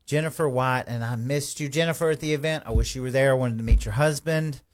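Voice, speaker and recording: A man hosting a live stream, giving folksy, rambling shout-outs to viewers. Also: medium pitch, fast talker. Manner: effusive, folksy, rambling with restarts.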